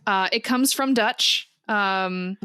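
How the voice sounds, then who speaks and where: Bright, chatty woman podcaster. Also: medium pitch, clear, resonant tone, dry recording. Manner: chatty, laughing often, quick asides. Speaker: podcast co-host. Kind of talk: casual chat.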